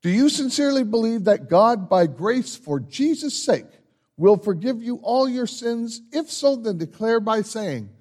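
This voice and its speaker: A man serving as pastor, giving church announcements and then leading a confession and absolution in a measured, solemn way. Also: high-pitched. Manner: measured, solemn liturgical delivery with lively rises.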